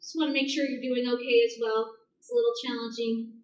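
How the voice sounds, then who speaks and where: A woman's voice: fairly high pitch, level tone, fairly quick, recorded from a distance, slight background noise. A woman fitness instructor cueing a floor workout, counting reps aloud and shushing through breaths. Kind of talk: guided exercise class cues. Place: exercise room, instructor on the floor mat. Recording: echoey room, voice off-mic.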